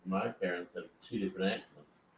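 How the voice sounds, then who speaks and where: A man's voice: low-pitched, fairly even intonation, brisk, rough recording. A man with a nasal, congested voice giving dry, brief replies. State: congested from sinus infection.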